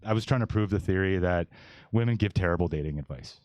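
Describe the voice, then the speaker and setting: A man's voice: sits low, fast, darkish tone, no room sound. A man in his forties hosting a casual podcast panel, talking bluntly and rambling with many restarts. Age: 40s. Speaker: podcast host.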